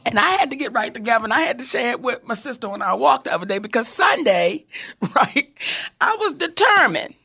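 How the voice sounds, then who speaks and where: A woman telling a personal story in casual chat, animated and swearing freely as she acts out what people said. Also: on the high side, fast, vocal fry, breathy edge.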